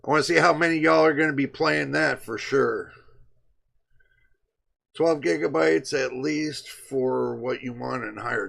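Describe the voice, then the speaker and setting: A man's voice: medium pitch, creaky, fairly bright tone. A man hosting a tech live stream, talking straight to his chat in an emphatic, repetitive way. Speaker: livestream host. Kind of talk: casual livestream chat.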